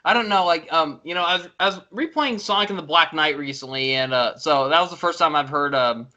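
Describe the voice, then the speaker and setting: A man's voice: on the high side, brisk, pushed and bright, dull audio. A man chatting casually about video games, rambling with many ums and likes. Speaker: video reviewer and co-host.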